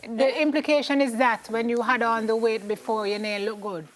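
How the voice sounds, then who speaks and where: A woman's voice: on the high side, steady tone, moderate pace, noisy background. A young Jamaican woman co-hosting a morning TV show, frank and teasing as she gives advice. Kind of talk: casual chat. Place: TV studio.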